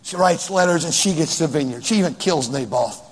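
A man's voice: fairly high pitch, expressive, a little fast, husky, big-room sound. A male preacher delivering a sermon, emphatic and repetitive, reading scripture and scolding his listeners.

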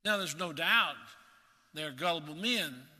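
A man delivers a sermon in an earnest, emphatic voice, drawing out the words he wants to stress. His tone is strikingly bright and sits a little high. The sound rings with the long reverb of a large church hall. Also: animated, measured pace. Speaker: preacher.

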